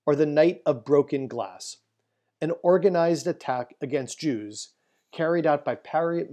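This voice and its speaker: A rabbi giving a solemn history talk in a slightly raised voice. He tells a family story with care and slows down on the hardest details. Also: a little high, warm tone. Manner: solemn storytelling, slowing for emphasis. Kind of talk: Holocaust history presentation.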